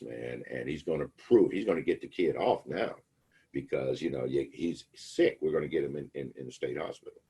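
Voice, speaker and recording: Man, very low husky voice, casual lecture, rambling storyteller, acts out quotes. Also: darkish tone. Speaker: instructor. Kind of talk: casual lecture retelling a film plot.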